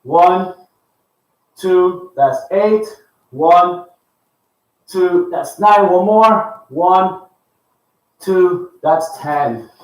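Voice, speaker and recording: A fitness coach leading a live workout, counting reps aloud and giving upbeat cues. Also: male voice, high voice, drawn-out words, long pauses. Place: home workout space with a dog. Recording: echoey room, far from the mic.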